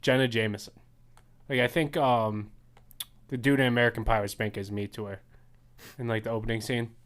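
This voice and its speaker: A young man co-hosting a casual podcast, telling animated stories and laughing through them. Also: mid-range voice, a little fast. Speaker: podcast co-host. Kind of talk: casual chat.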